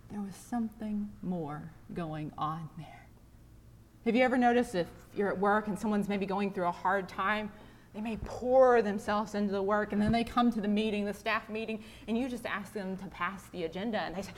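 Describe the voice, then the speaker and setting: A woman preacher giving a sermon, telling a story in a conversational, animated way. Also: mid-range voice, normal speed.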